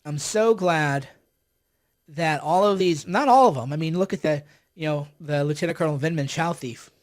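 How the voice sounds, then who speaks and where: A man's voice: a little high, moderate pace. A man hosting a livestream, ranting with sarcasm and exasperation as he mocks his opponents. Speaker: political commentator hosting a livestream.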